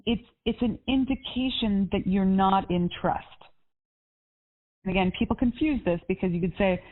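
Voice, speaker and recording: A woman's voice: medium pitch, normal speed. A woman life coach on a coaching call, talking in an upbeat, encouraging and spiritual way. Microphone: phone or call line. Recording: tinny phone-line audio.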